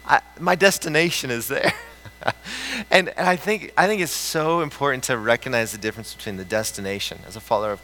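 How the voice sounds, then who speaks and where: A middle-aged man from the central United States, a pastor giving a conversational sermon in an animated, storytelling way with frequent restarts. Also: mid-range voice, a little hiss or hum, low-quality recording.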